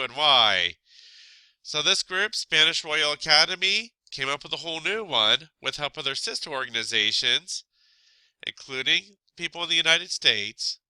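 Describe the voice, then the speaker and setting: A man with a stuffy nose talks through a casual recorded lesson, wandering into chatty asides. His voice is very bright and smooth, set a little high for a man. The sound is dry and close. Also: dry recording, low-quality recording. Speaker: teacher.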